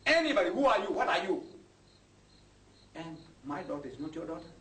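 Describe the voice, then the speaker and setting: A man, giving an impassioned lecture to a live audience. His voice sits fairly high and leaps up on rhetorical questions. It is recorded from far off in an echoey hall, with a faint hiss behind. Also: sing-song, a little fast, a bit bright. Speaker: Islamic preacher.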